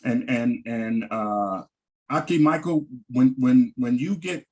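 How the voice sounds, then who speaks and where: Slow, patient man teaching a lesson. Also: medium pitch, darkish tone. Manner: patient, repeats words slowly, frequent ums. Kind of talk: slow Hebrew vocabulary lesson.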